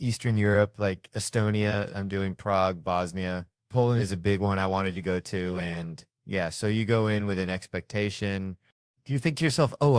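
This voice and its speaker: Deep-voiced American comedian rambling. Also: male voice, smooth, no room sound, clean studio sound. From United States. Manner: rambling, self-mocking, quick asides. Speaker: guest comedian. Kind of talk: casual storytelling chat.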